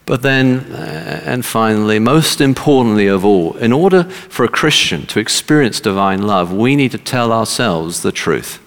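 A man's voice: medium pitch, animated, moderate pace, hardly any pauses, in a large hall. A man preaching a sermon emphatically, repeating words for stress.

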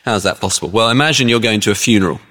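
A man preaching a sermon in a chatty, animated way, telling stories to make his points. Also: lowish voice, rapid-fire, long reverb tail. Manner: conversational, animated storytelling with acted-out voices.

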